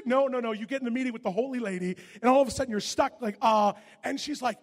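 A man preaching a sermon, telling a story animatedly and often shouting, with a husky voice. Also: extremely high pitch, fast, few pauses, in a large hall.

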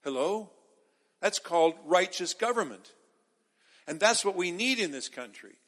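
A man's voice: high-pitched, expressive, a little slow, fairly bright tone, big-room sound. A man from Israel preaching a sermon to a live audience, emphatic and calling out to the crowd for responses.

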